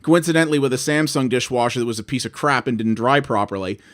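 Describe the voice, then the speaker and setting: A man's voice: medium pitch, quick pace. A man in his thirties, from Canada, ranting about bad customer service, swearing and acting out both sides of his phone calls. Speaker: vlogger. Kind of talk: ranting monologue.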